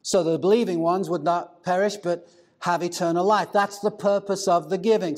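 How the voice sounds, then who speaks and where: A male pastor preaching a sermon, deliberate and emphatic, slowing down to stress key words. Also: high voice.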